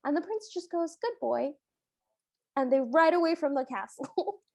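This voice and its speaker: A woman's voice: very high-pitched, normal speed, darkish tone. A woman co-hosting a podcast, chatting through a movie recap and voicing the characters' lines. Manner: bubbly, chatty retelling with voiced quotes. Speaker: podcast co-host. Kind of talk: casual movie recap chat.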